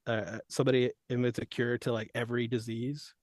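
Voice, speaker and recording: A man's voice: mid-range voice, level tone, brisk, darkish tone, no echo. A male guest voice actor chatting casually on a podcast in a laid-back, surfer-dude way.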